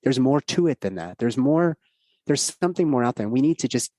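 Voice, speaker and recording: A middle-aged man talks earnestly as a podcast guest, rambling from thought to thought. His voice sits in a middle pitch. The sound is dry and close. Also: animated, fairly quick, warm tone, dry recording. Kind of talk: casual podcast conversation.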